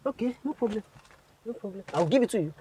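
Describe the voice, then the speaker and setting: A man's voice: high-pitched, expressive, fast, over loud music. A man with a Nigerian accent playing a flustered older driver who stammers and pleads with a policeman in a comedy skit. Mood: pleading.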